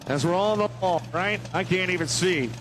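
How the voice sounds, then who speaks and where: A man's voice: high-pitched, fairly quick, very noisy. A man calling a drag race live from the starting line in a hyped announcer manner, his voice worn from a long night of commentary. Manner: hyped, calls everyone baby.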